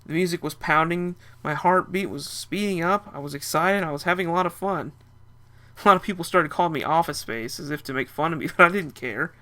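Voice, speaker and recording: A man's voice: a little high, fairly quick, bright, forceful tone. A young man narrating a first-person story in a casual, chatty way.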